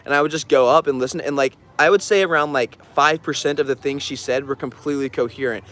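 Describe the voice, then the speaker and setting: Guy rambling thru stories on his art stream, lots of likes and ums, mid pitch. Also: fast, a bit bright. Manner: rambling, many fillers, laughs often. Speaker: artist streaming an auction. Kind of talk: casual livestream storytelling.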